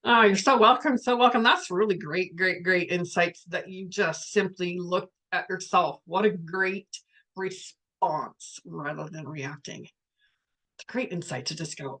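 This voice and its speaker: A woman's voice: medium pitch, a little slow, fairly bright tone. Frank, chatty woman on a livestream. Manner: frank and chatty, reads viewer comments aloud. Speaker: spiritual coach. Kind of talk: casual livestream talk.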